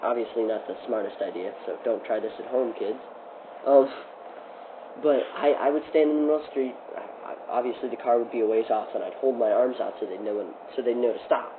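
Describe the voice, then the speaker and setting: A man's voice: mid-range voice, a little fast. A young man casually telling rambling stories to friends, full of fillers and laughter. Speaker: storyteller host. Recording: lo-fi phone-like recording with noise.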